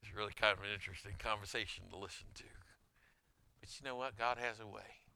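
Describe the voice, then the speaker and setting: A man preaching a sermon as a pastor, telling anecdotes in a conversational, animated way. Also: fairly low pitch, fast talker, gravelly, no room sound. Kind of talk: sermon with storytelling.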